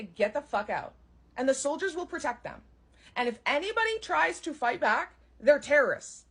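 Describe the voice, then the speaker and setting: Young woman, higher voice with a husky edge, heated and sarcastic, swearing freely. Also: a bit bright. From Canada. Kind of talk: ranting monologue.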